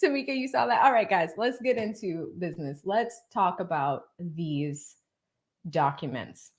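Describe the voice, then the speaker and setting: A woman's voice: fairly high pitch, animated, slow pace, pauses often. A woman hosting a casual livestream, laughing often and reading viewer comments aloud. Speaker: livestream host. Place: Atlanta.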